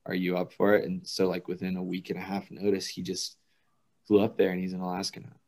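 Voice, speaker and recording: A man's voice: low-pitched, completely flat delivery, fast, a little mellow. A man chatting casually on a podcast, telling anecdotes and laughing as he goes. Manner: laughs through vivid anecdotes. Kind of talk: casual chat, storytelling.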